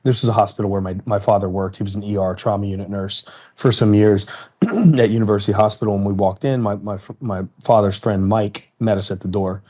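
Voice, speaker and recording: A man in his fifties from Ohio speaks in a low, mellow voice. He tells his story slowly and earnestly in an interview, sometimes stopping to restart a thought. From Cincinnati, Ohio, United States. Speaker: interview guest, retired fighter.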